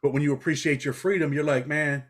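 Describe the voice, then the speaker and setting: This New Yorker talks fast in a slightly high voice, blunt and streetwise, peppering his speech with "man" and "bro." He's a former prisoner sharing stories as an interview guest in a relaxed setting.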